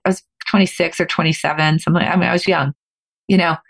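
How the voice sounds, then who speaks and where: A middle-aged woman, a podcast guest, telling a story in an animated, fast-flowing way with frequent restarts. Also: on the low side, vocal fry. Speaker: guest, former professional poker player.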